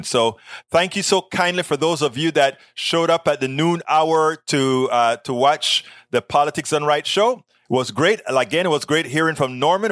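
A man hosting a political talk show, reading news articles aloud and breaking off into animated, sarcastic asides. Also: medium pitch, no echo. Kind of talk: live-stream commentary reading news.

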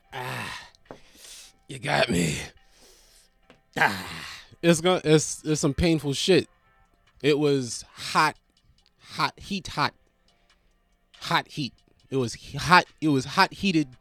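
Slow-talking young man, profane comic rambling. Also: no echo. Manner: profane, swings from loud rants to low mutters. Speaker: vlogger. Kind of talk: rambling comedic monologue.

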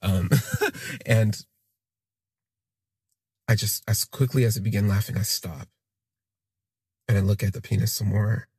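A man telling a personal story in the first person, in a halting, reflective way that trails off and restarts. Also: on the low side, fairly even intonation, a little mellow, slightly rough, dry recording, studio quality. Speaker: podcast storyteller.

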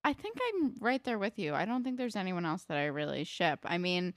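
A young woman shares relaxed, opinionated takes as a co-host, with frequent "um" and "you know". Her voice sits a little low. The sound is dry and close. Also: brisk, no room sound. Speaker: podcast co-host. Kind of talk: casual chat recapping a TV episode.

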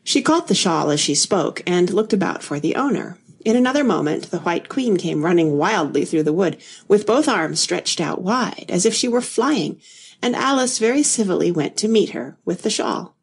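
Woman, storybook narration, low pitch, animated, breathy. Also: normal speed. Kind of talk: storybook reading.

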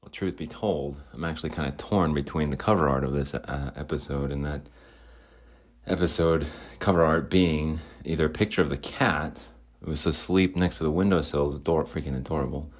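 Speaking briskly in a very deep voice, a man runs his own solo podcast. His talk drifts around, punctuated by laughs and jokes at his own expense.

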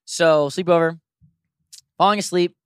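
A man's voice: fairly high pitch, fairly even intonation, measured pace, clear, resonant tone, dry recording, clean studio sound. A young man co-hosting a podcast, telling a story in casual chat, swearing freely and acting out his own reactions. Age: young adult. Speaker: podcast co-host.

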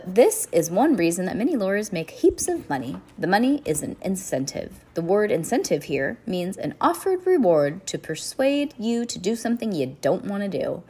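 A woman reading a novel aloud, expressive, with occasional slips and restarts. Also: fairly low pitch, husky. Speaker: reader.

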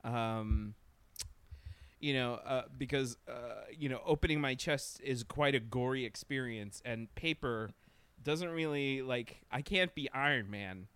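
A man's voice: mid-range voice, measured pace, fairly bright tone, clean tone, no echo. A man co-hosting a podcast, bantering casually, joking, rambling and laughing often. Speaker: podcast co-host.

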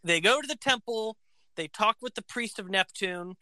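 A woman casually retelling an opera plot, animated and acting out the characters' lines. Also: mid-range voice, normal speed, dry recording.

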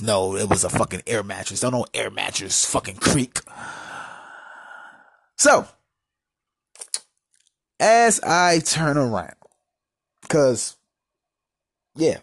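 A man from Washington, D.C. hosting a podcast, telling a story in a profane, rambling way, dropping from mumbles into loud outbursts. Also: on the low side, dry recording. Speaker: podcast host. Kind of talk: casual storytelling podcast monologue.

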